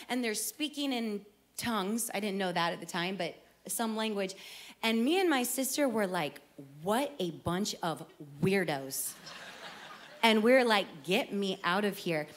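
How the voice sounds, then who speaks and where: A middle-aged woman, a singer, sharing her personal testimony as heartfelt storytelling, acting out her younger self. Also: a little high.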